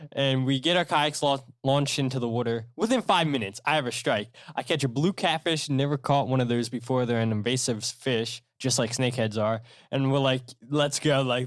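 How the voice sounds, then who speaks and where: A man's voice: medium pitch, dry recording, studio quality. A man hosting a solo podcast in a casual, rambling way, full of fillers and restarts as he tells stories. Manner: rambling, animated storytelling with many fillers and restarts. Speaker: podcast host.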